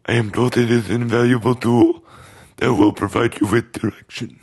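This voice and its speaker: A man's voice: medium pitch, steady tone, normal speed, darkish tone, breathy edge. A man putting on a robot voice to read the lines of a solemn male robot steward in a video game. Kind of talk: reading game dialogue in a put-on voice.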